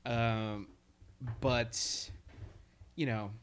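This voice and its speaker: A man's voice: mid-range voice, fairly even intonation, drawn-out words, slight background noise. A man in casual chat who swears and laughs often and acts out lines he quotes.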